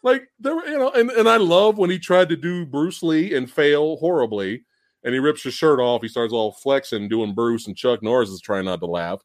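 A young man hosting a casual movie review livestream, excitedly acting out scenes, laughing and swearing as he talks. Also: mid-range voice, moderate pace, dry recording, studio quality. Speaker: host of a movie review stream. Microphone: home streaming setup with camera.

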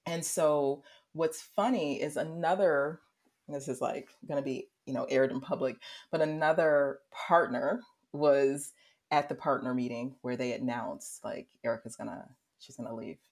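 A woman's voice: very deep voice, measured pace. A woman in her thirties, a podcast guest, telling a story in casual chat and acting out what people said. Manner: animated storyteller who acts out quotes and laughs often.

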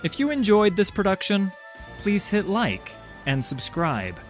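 Male channel host for an outro, animated, music faintly under. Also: sits high, measured pace. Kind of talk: outro announcement.

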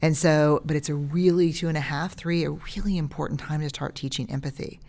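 A woman's voice: sits low, fairly even intonation, a little fast, a little mellow. A woman in her forties talking casually as a podcast guest, animatedly acting out what she would say to a child. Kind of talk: casual parenting chat.

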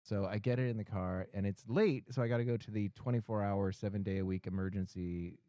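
A man's voice: lowish voice, brisk, no room sound, clean studio sound. A man in casual conversation, telling a long comic anecdote and acting out the people in it. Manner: animated, acts out voices in his story.

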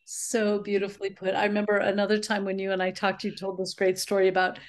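A woman's voice: mid-range voice, monotone, fast. A woman hosting a podcast interview, affirming her guest and prompting for stories. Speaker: podcast host. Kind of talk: interview conversation.

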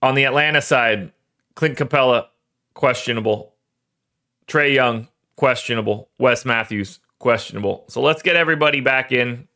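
A man's voice: medium pitch, normal speed, pushed and bright. Young male host, casual and rambling, self-mocking, voice cracking with emotion. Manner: rambling, self-deprecating, emotional about his team. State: voice cracking, choked up. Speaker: fantasy sports podcast host. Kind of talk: casual solo livestream talk.

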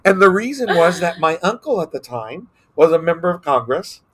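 A middle-aged man from Texas, a guest telling animated stories in a casual interview, acting out quotes as he goes. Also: fairly high pitch, moderate pace, slightly rough. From Texas, United States. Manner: animated anecdotes with acted-out quotes.

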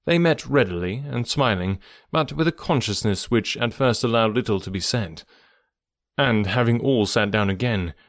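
A man narrating a classic novel as an audiobook, measured and even, close to the mic. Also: lowish voice, dry recording. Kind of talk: scripted narration.

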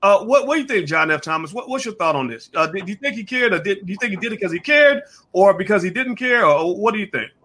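Bright, high-voiced man hosting a panel. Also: quick pace, hardly any pauses. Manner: animated, restarts often, addresses chat audience. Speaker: panel show host. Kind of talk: casual panel discussion.

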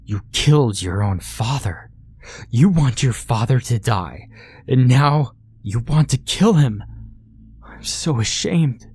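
A man's voice: mid-range voice, lively intonation, takes it slowly, darkish tone, breathy edge, heavily acted. A man voicing a cold, accusing mother who scolds with contempt. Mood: contemptuous.

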